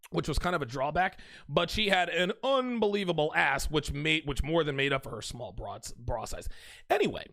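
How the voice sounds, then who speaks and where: A man hosts his own advice channel in a blunt, chatty monologue, calling his viewers guys and dude. His voice sits a little high and swings widely in pitch, with a gravelly fry. The sound is dry and close. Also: fairly bright tone, no echo. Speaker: host of a dating-advice channel. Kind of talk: casual straight-to-camera monologue.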